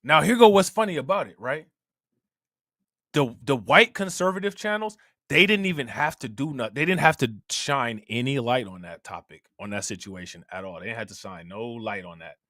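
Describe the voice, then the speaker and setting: Chatty Ohio man with a bright voice. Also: mid-range voice, animated, moderate pace, dry recording, studio quality. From Ohio, USA. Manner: loose, conversational, laughs often, keeps asking "you know what I'm saying". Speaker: livestream host reading chat. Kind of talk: casual livestream commentary.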